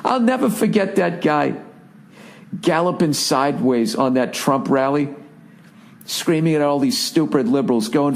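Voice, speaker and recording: A man's voice: a little high, lively intonation, moderate pace, a little mellow. Profane, exasperated man ranting. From United States. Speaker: podcast host. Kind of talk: ranting comedic monologue.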